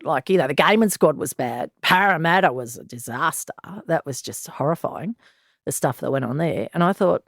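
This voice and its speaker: A woman's voice: low-pitched, animated, normal speed, no room sound, studio quality. An Australian woman in her sixties, a former detective, telling her story frankly and bluntly in an interview. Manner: frank, blunt, earthy, with sighs and laughs. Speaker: former police detective, guest.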